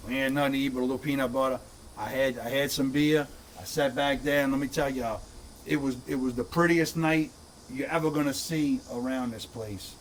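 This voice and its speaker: A man's voice: medium pitch, fairly even intonation, a little fast. A middle-aged man spins a long personal story in loose, repeating phrases. He sits a little back from the microphone, so he sounds slightly distant. A faint hiss runs under the talk. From St. Bernard Parish, Louisiana. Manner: rambling, repeats words, says "dude" often. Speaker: guest, content creator. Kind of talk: casual storytelling.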